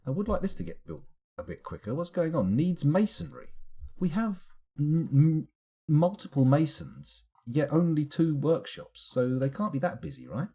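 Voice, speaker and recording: A man's voice: on the high side, animated, moderate pace, vocal fry, dark tone, breathy edge. A man streaming a strategy game live, muttering to himself as he clicks through menus and now and then answering his chat. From United Kingdom. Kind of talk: live gameplay commentary.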